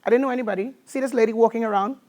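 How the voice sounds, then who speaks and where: A woman with a Trinidadian accent and a fairly high voice tells her story to a live audience. She speaks with animated energy and invites call-and-response like a preacher. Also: rapid-fire. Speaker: motivational speaker. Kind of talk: motivational talk to a live audience.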